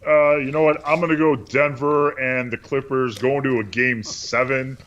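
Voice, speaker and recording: A man's voice: mid-range voice, little pitch movement, a bit bright, highs cut off, slight background noise. Joking man on a podcast mic. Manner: joking, playful, drawn-out teasing lines. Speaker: podcast co-host. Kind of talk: casual sports chat. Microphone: podcast microphone.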